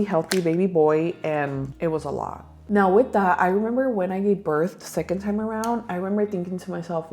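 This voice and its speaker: Chatty young woman with a mellow voice. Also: lowish voice. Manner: chatty, addresses viewers as girl and you guys, many likes; switches into Spanish phrases. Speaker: vlogger. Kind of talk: casual storytelling to camera.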